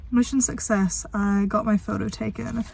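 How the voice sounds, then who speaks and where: A young adult woman talking casually in a vlog diary, chatty and excitable, with the odd casual swear. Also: medium pitch, normal speed, creaky, faint music behind. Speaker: vlogger.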